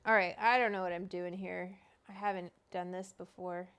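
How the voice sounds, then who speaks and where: A woman's voice: lowish voice, steady tone, normal speed, a bit bright, clear, resonant tone, no room sound. A woman hosting a livestream, chatting casually, greeting viewers by name and swearing freely. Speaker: livestream host.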